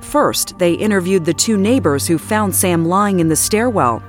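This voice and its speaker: A woman narrates a true-crime story in a measured, dramatic way. Her voice sits a little low. Music plays clearly beneath her. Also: lively intonation.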